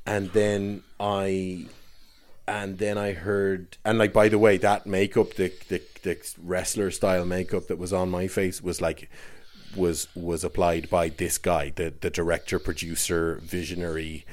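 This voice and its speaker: A man's voice: deep voice, little pitch movement, a little slow. An Irish man telling a long, rambling story in casual chat, often restarting his sentences and laughing as he goes. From Ireland.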